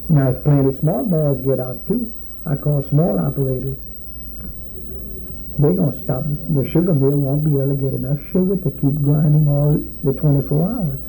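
Gravelly-voiced plain-spoken farmer man. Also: fairly high pitch, normal speed, mellow, slight background noise, rough recording. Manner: plain-spoken, repeats words while explaining. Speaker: sugar cane farmer. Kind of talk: casual interview answers.

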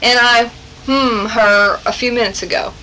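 High-voiced woman reading fill-in prompts. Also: fairly even intonation, pushed and bright, a little hiss or hum, rough recording. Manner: halting, many fillers, says okay after each answer. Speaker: language tester.

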